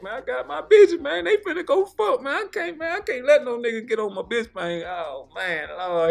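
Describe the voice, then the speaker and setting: A man's voice: high voice, gravelly, voice pushed up. A man putting on a frantic, whiny street informant. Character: jittery male street informant craving snacks.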